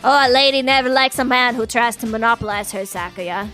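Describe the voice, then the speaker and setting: A woman putting on a suave gentleman dove with a French lilt. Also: on the high side, brisk, faint music behind. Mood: smooth courtly. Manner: courtly, with a put-on French accent. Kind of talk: live-streamed game reading.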